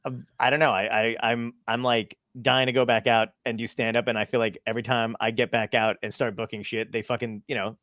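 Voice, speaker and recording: A man's voice: mid-range voice, level tone, a little fast, hardly any pauses, fairly bright tone, no room sound, studio quality. A man hosting a podcast in casual chat, talking in a rambling, restless, self-deprecating way, hyper and scattered. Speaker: podcast host.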